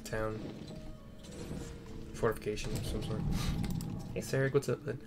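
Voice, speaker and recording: A man's voice: on the low side, fairly even intonation, normal speed, vocal fry, music in the background. A man giving casual, irreverent commentary while narrating his playthrough of a game, with swearing asides.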